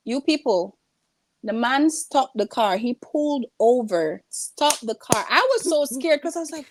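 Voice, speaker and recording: Speaking at a normal pace in an extremely high-pitched voice, this Jamaican entrepreneur is a guest in a relaxed interview. She's a lively storyteller who performs the voices of the people she quotes, with background noise audible in the clip.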